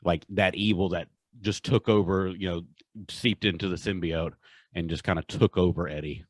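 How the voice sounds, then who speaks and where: A man's voice: sits low, fairly even intonation, normal speed, no echo. A man co-hosting a podcast, talking earnestly with frequent hesitations. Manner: earnest, hesitant with many uhs. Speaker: podcast co-host. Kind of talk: casual podcast chat.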